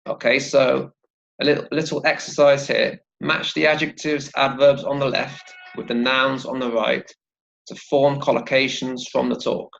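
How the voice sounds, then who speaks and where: A man's voice: mid-range voice, flat delivery, moderate pace, creaky, a bit bright, muffled recording, slight background noise. A man teaching English vocabulary and pronunciation, patiently repeating words for learners to copy. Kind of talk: slow, clear teaching with pronunciation drills.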